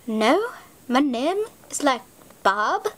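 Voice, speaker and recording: A woman's voice: sits high, sing-song, takes it slowly, full character voice. A woman voicing a ditzy Alice who talks in vague valley-girl slang, in a parody sketch.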